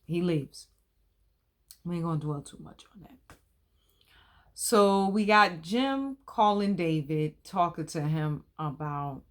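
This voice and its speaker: A woman in her thirties with a low-sitting voice hosts a casual TV episode recap, chatty, colloquial and full of opinions.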